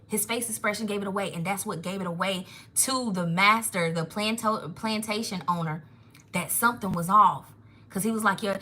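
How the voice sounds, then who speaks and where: Her mid-range voice is slightly rough yet bright and forceful as she runs a live spiritual tarot session. The tarot reader gets emotional and rambles in an animated way, pausing often to pursue another thought.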